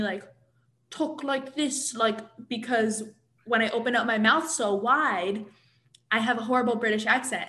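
A woman's voice: a little high, a bit bright. Chatty woman co-host in an echoey room. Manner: chatty, self-deprecating. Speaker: podcast co-host. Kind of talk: casual podcast chat.

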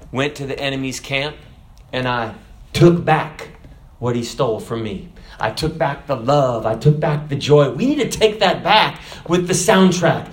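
Middle-aged male pastor, chatty and joking, slightly high voice. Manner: conversational, joking, lively preaching. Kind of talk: sermon.

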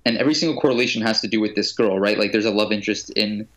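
A man's voice: fairly low pitch, rapid-fire, fairly bright tone. A young man co-hosting a casual chat, talking eagerly about movies. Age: young adult. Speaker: podcast co-host.

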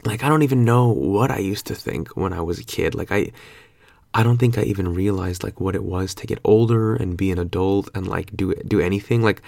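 A man's voice: sits low, fairly quick, creaky, a little mellow, dry recording. A man in his twenties talking in a laid-back, slangy vlog monologue, swearing freely and rambling with lots of fillers. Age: 20s. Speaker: vlogger.

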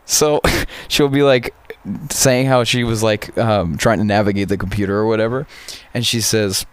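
A man's voice: on the low side, steady tone, normal speed, clear, resonant tone. A man from Wyoming, co-hosting a casual chat, who tells stories with frequent laughs and restarts. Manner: laughs often, storytelling with restarts. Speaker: podcast co-host.

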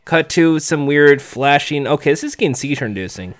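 A man giving sarcastic, foul-mouthed reaction commentary over a show he is watching, breaking into shouted outbursts. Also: fairly high pitch, animated, fairly quick, no room sound.

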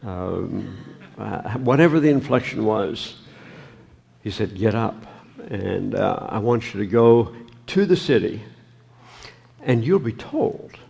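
A man preaching a sermon, reading scripture and reflecting on it slowly, with many pauses and ums. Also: fairly low pitch, lively intonation, creaky, mellow, slightly rough.

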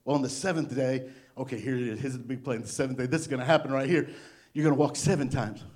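A middle-aged male pastor giving a sermon, animated and playful, acting out little voices as he preaches. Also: medium pitch, fast talker.

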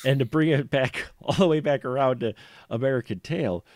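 A man's voice: medium pitch, moderate pace, darkish tone, no echo. Midwest guy on a movie podcast, laughs a lot, goes off on tangents, dry close sound. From upper Midwest US. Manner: rambling, laughing, digressive. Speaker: podcast co-host. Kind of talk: casual film discussion.

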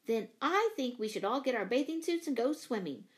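Eager excitable young girl, higher bright voice, storybook, a woman doing the voice. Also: a little fast, natural voice.

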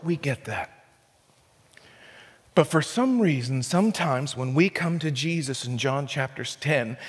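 Man preaching in a reverberant hall. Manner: impassioned preaching with big swings in pitch and loudness. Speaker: pastor. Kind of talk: sermon.

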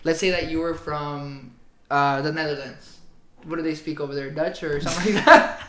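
Upbeat podcast guy, spanish is his first language, kinda high voice, roomy echo. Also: moderate pace, crowd noise. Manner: animated, laughs often, does mock phone voices. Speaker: podcast co-host. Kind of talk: casual chat.

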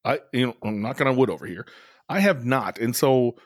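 A man's voice: mid-range voice, lively intonation, fairly quick, no echo. A man co-hosting a podcast in casual, rambling chat, speaking close to the mic. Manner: rambling, chatty, restarts a lot. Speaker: podcast co-host.

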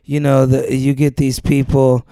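Gravelly-voiced man in loose comedy chat. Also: medium pitch, completely flat delivery, unhurried, warm tone, no room sound. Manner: joking, loose, laughs often. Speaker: podcast co-host.

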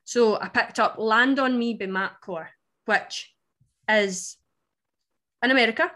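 A Scottish woman from Scotland co-hosting a book podcast, chatting in a wry, animated way. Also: on the high side, takes it slowly. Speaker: podcast co-host. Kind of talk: casual chat.

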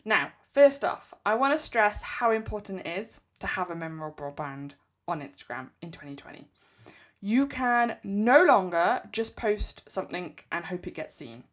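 A woman's voice: medium pitch, very animated, moderate pace. A woman with an English accent hosting a solo podcast, giving direct, emphatic business advice. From England. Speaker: podcast host.

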